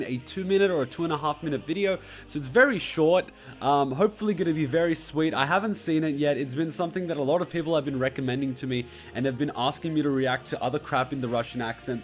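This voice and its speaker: Ein plaudernder YouTuber mit leicht hoher Stimme. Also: male voice, on the high side. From Serbia. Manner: chatty, joking, swears for fun. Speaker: YouTube host. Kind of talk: casual vlog talk.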